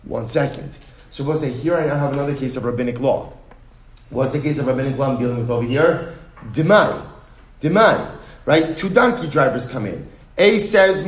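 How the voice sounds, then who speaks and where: A man's voice: medium pitch, brisk. A man teaching a Talmud class, often asking a question and then answering it himself. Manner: animated, asks and answers his own questions. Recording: echoey room.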